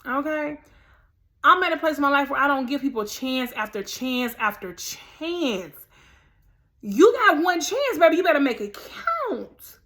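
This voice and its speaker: A woman's voice: sits high, sharp tone. A woman hosting a faith podcast, talking straight to listeners in an emphatic, direct, preachy way. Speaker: podcast host. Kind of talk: casual motivational monologue.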